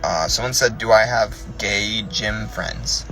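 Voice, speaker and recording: A man's voice: lowish voice, takes it slowly, pushed and bright, soft background music, exaggerated voice. An actor playing a young male fitness influencer giving casual, earnest advice with lots of fillers during a live video chat. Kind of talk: live video chat, answering viewer questions.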